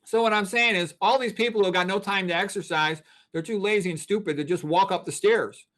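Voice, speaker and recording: A blunt doctor in his sixties lectures with plenty of emphasis. His voice sits a little higher than most men's. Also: brisk, fairly bright tone. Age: 60s. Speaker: physician, guest. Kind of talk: interview talk.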